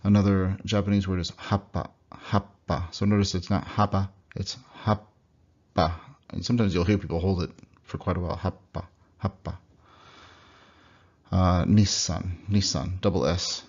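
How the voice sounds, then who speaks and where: A young man talks through a pronunciation lesson in a low, deep voice. He explains each sound, then says the example word slowly several times. The sound is dull and lo-fi, like a computer mic recording. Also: level tone, darkish tone. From United States. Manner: explanatory, demonstrates words slowly and repeats them. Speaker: language teacher. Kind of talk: recorded slide lecture.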